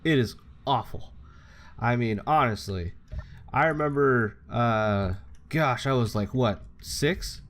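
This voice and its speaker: A man's voice: medium pitch, takes it slowly. A young man giving casual, rambling commentary while playing a game, chatting freely and swearing now and then. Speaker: gaming channel host.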